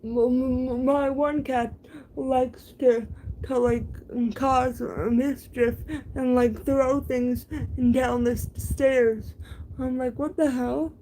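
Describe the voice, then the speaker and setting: A young woman talks slowly in a high, soft-edged voice, stumbling and restarting her words as she chats casually with her viewers. Her tone stays mellow and unhurried, broken by little giggles. A faint hum sits behind her. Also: little pitch movement, poor audio. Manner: stammering, frequent restarts and giggles. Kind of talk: casual chat.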